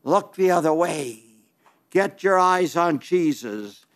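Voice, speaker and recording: A man preaching a sermon in an earnest, pleading way, drawing out his emphases slowly. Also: on the high side, expressive.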